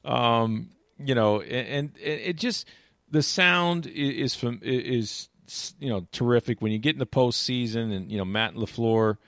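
A man's voice: medium pitch, unhurried, a bit bright, dry recording, studio quality. A man talking casually about sports, rambling with many restarts and "you know"s, and retelling game moments with animation. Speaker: sports commentator. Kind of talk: casual chat.

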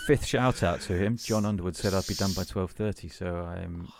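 A man's voice: low-pitched, normal speed, gravelly, noisy background. A man in his fifties from England, co-hosting a casual podcast chat with a jokey, teasing manner. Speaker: podcast co-host. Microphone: headphones and desk mic.

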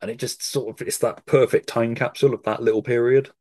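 A man in his thirties hosting a podcast, chatting casually and giving relaxed, opinionated takes with some swearing. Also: mid-range voice, fast talker, no echo. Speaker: podcast host. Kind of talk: casual chat.

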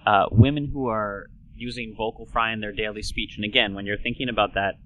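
A man who is a doctor and talk show host, explaining in a lecturing way with quick asides. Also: fairly low pitch, steady tone, narrow, tinny audio.

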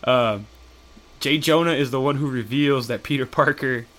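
A man's voice: medium pitch, normal speed, a bit bright. A man in casual chat, rambling and swearing as he retells comic storylines and acts out the characters' lines.

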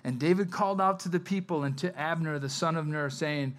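Male pastor, sermon, fairly high voice, chatty and lively delivery. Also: a little fast, few pauses. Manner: conversational, animated when acting out Bible scenes.

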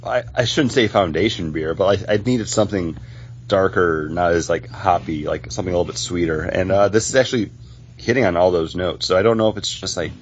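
A man's voice: low-pitched, fairly quick, muffled recording, slight background noise. A man co-hosting a casual podcast, rambling with lots of fillers as he talks. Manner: rambling, many fillers and restarts. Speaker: podcast co-host. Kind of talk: casual chat.

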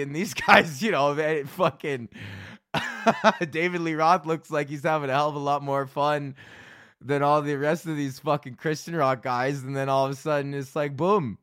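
A man in his thirties hosting a podcast, ranting casually and profanely, telling animated stories with lots of laughs. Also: a little high, no room sound, studio quality. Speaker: podcast host.

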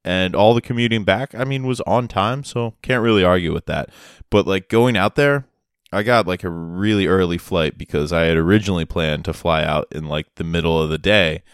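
A man's voice: low voice, normal speed, clean tone, dry recording, studio quality. A man telling rambling, sarcastic stories in a casual chat with a friend. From Massachusetts.

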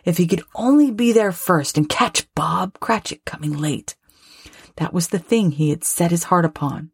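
A woman narrating a classic story aloud with expressive, lively phrasing. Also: fairly low pitch, normal speed, slightly rough, no room sound, clean studio sound. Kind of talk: storybook reading.

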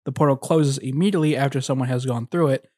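A man in mid pitch talks earnestly at a tabletop game, reading item text steadily. The sound is dry and close, with no room around it. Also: fast talker, a little mellow, no room sound. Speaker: player. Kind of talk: casual tabletop game chat.

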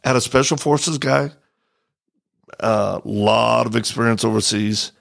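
This middle-aged podcast host speaks at a measured pace with a creaky, medium-pitched voice. Telling a story in a casual conversation, he gets animated and performs the voices of the people he quotes.

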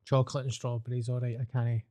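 A man's voice: mid-range voice, flat delivery, quick pace, mellow. A man co-hosting a podcast, joking and teasing bluntly in casual chat. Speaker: podcast co-host.

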